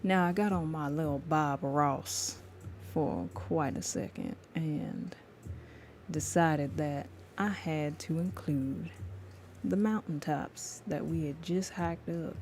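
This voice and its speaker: Young woman artist on a live stream, low voice, slow easy talk, chatty with viewers, faint hiss behind. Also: lively intonation, a little mellow. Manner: chatty, laughs often, speaks to viewers as y'all. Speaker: livestreaming artist. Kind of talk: casual chat while drawing live.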